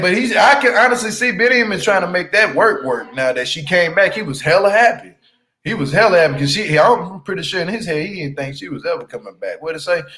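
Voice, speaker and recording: A man's voice: on the high side, fairly bright tone, low-quality recording. A man giving casual, slangy recap commentary on a reality show, teasing and laughing as he talks. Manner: repeats "you hear me" for emphasis.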